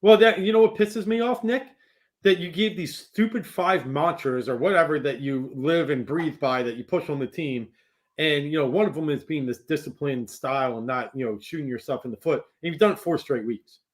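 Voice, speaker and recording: Man, frustrated sports rant, slightly higher voice. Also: normal speed. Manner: frustrated, ranting. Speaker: podcast co-host. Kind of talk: casual sports talk.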